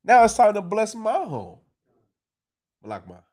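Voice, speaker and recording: This man's voice is high and a little slow. He teaches a scripture class in a streetwise, animated way, swearing and often asking his listeners, "you understand?"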